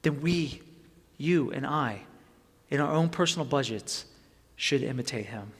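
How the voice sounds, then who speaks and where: A man's voice: mid-range voice, lively intonation, unhurried, fairly bright tone, breathy edge. A man preaching a sermon in an earnest, conversational way that builds to emphatic points. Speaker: pastor. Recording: long hall reverb.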